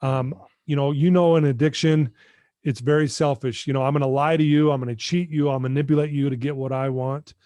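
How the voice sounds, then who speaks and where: This middle-aged man, an addiction recovery mentor appearing on a podcast via video call, shares his recovery journey sincerely while addressing the host directly. He speaks a little fast in a slightly high, steady, mellow voice, and the recording is dry.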